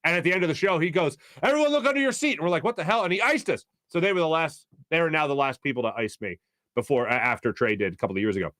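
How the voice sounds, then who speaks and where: Energetic sports radio host, dry studio sound. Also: male voice, a little high, racing, no room sound. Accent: Philadelphia. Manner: rambling storyteller, energetic, many restarts. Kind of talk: casual sports talk show monologue. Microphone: studio microphone.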